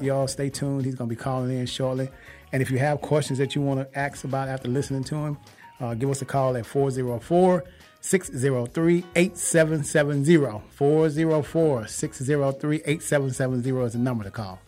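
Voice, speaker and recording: A man hosting a radio talk show, talking excitedly and repeating himself, often laughing. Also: medium pitch, brisk, faint music behind. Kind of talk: casual radio chat.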